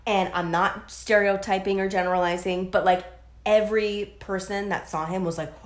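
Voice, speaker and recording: A woman's voice: mid-range voice, moderate pace. A young woman in her twenties, a waitress, telling a gossipy story in casual chat, acting out the people in it. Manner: gossipy, animated storytelling with quoted voices. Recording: echoey room.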